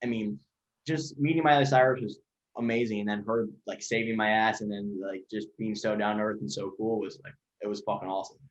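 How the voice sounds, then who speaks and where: A man tells stories at a rapid clip, rambling and swearing freely as a podcast guest. His voice sits a little low. The recording sounds dull and lo-fi. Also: fairly even intonation. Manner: rapid, rambling, heavy filler and profanity. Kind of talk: casual storytelling. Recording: lo-fi dull audio.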